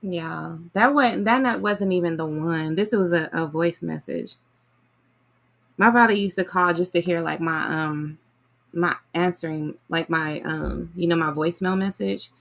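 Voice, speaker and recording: A woman in casual, animated chat, often addressing listeners as y'all. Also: on the low side, a little slow, gravelly. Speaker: vlogger reviewing a book.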